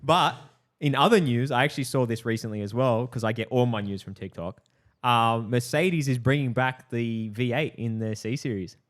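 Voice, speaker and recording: A man's voice: medium pitch, normal speed, few pauses. A man hosting a podcast, chatting casually with friends, laughing often and swearing freely. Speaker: podcast host. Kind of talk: casual chat.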